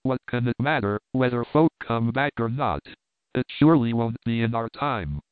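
A man voicing a laconic, practical adventurer lord who talks in a slow, offhand way, in a plain read-aloud voice. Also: mid-range voice, lively intonation, clear, resonant tone, no room sound, lightly acted. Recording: dry, phone-like narrow sound.

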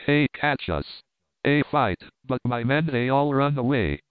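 Wounded sailor, broken English, low and faint, read by a man; tinny, dry recording. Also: expressive, unhurried, clear, resonant tone, dry recording, close to an everyday voice. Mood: weak. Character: dying Swedish sailor, adult male, gentle and honest.

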